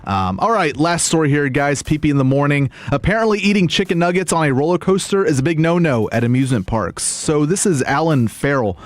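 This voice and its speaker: A man's voice: on the high side, animated, fairly quick, hardly any pauses, no room sound. A man hosting a morning radio show, chatting casually and leading into news stories. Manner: conversational, laughs often, reads stories.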